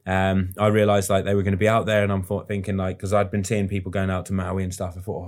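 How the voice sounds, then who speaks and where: An English man co-hosting a podcast, chatting casually and quickly, with banter and the odd swear word. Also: low-pitched, completely flat delivery, darkish tone. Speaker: podcast co-host. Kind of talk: casual chat.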